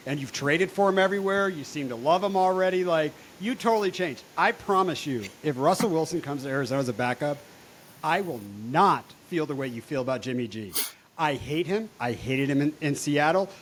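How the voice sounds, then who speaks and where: A young man hosting a casual fantasy football podcast, loud, excitable and profane. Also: a little high, slight background noise. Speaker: podcast host.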